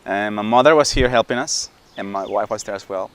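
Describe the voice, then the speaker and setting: A man answering interview questions candidly as a new father, halting and repeating words as he goes. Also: on the low side, a bit bright, clean tone.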